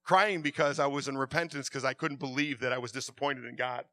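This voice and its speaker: There's no echo on this recording of a man passionately preaching, with a steady-toned, medium-pitched voice moving a little fast. He trips over and repeats words as he shifts from soft confessions to loud outbursts.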